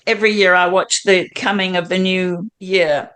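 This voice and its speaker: A woman's voice: on the low side, fairly even intonation, moderate pace, a bit bright, clear, resonant tone. An older woman with a blended British, Australian and South African accent, telling her life story as an interview guest, chatty and reminiscing, laughing often. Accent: mixed British, Australian and South African. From Britain.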